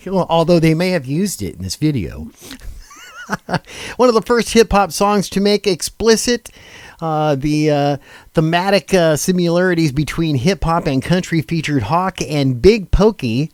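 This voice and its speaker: Lively halting male radio host. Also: on the high side, no room sound, studio quality. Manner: halting, many fillers and restarts, laughs often. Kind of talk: casual chat reading a list.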